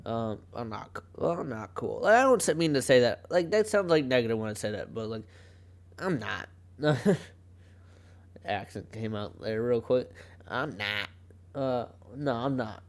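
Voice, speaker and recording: A man's voice: medium pitch, animated, normal speed. A young man hosting a solo podcast, talking casually in a rambling way, often cutting himself off and laughing. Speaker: podcast host. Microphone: home podcast mic.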